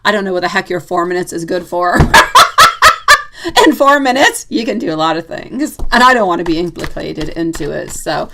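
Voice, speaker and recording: A woman's voice: fairly low pitch, lively intonation, fairly quick, hardly any pauses, noisy background. A woman hosting a live tarot reading stream, chatting casually with viewers, teasing and laughing often.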